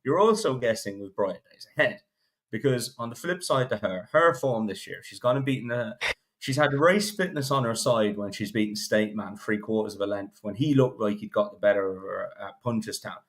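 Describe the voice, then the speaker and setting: A man's voice: lowish voice, fairly quick. A man giving blunt, opinionated horse racing takes on a casual podcast, often restarting sentences. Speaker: podcast panelist.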